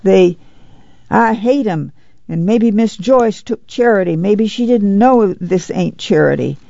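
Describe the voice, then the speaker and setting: A reader voicing a proud, fierce poor woman, speaking in a bitter, hoarse way. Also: mid-range voice, lively intonation, unhurried, dark tone, no echo, highs cut off, voice pushed up.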